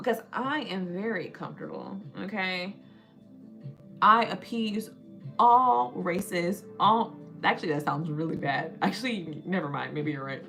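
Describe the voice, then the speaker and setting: A woman chatting on a live stream in a bright, forceful voice. She takes her time and stretches words out as she sounds them, joking and playful, with faint music underneath. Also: on the low side, measured pace. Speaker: livestream host. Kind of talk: casual live-stream chat.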